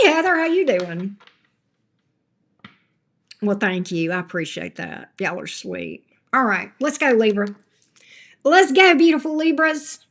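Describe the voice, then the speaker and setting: An older woman hosting a live tarot stream, chatty and blunt, greeting viewers by name. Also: on the high side. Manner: chatty, talks straight to chat viewers by name; blunt and sassy. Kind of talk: casual live-stream chat.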